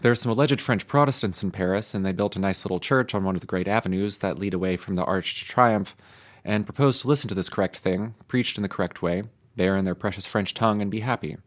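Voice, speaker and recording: A man reading historical texts aloud in a measured, even manner. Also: lowish voice. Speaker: reader.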